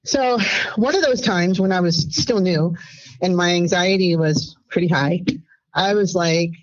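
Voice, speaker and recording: A woman in her fifties calling in anonymously, telling her story in an animated, rambling way and acting out what others said. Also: lowish voice, unhurried, muffled recording. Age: 50s. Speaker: anonymous caller. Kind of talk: casual storytelling.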